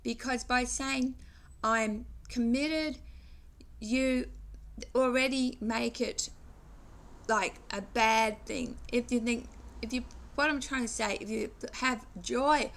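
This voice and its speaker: Slow gravelly English woman in her sixties. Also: a little high, fairly even intonation, a bit bright. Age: 60s. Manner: earnest, rambling with restarts, moralizing. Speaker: vlogger. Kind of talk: reflective spoken monologue.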